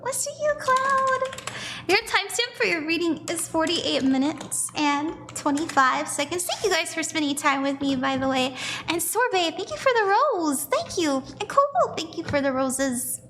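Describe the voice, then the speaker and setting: Brief: high, bright-voiced woman, slow and easy tarot streamer who giggles often. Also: expressive, slight background noise. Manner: giggly, chatty, reads chat aloud. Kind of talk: casual live-stream tarot reading.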